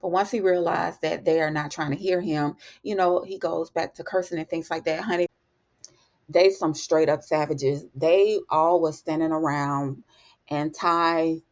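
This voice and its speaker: Low-voiced woman recapping TV casually. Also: fairly even intonation, a little slow, a little mellow. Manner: chatty storytelling, lots of "you know" and "honey". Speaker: TV recap host.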